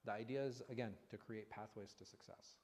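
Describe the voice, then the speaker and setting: A man, an imam, giving a conversational religious lesson, animated and full of rhetorical questions. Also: fairly low pitch, brisk. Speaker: imam teaching a class. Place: mosque hall. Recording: long reverb in a hall.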